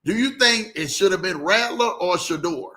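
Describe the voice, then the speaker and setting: A man hosting a casual livestream, animated, greeting viewers by name and telling stories in loose slang. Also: high-pitched, normal speed. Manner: animated, reads out viewer comments, Southern US slang. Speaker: livestream host.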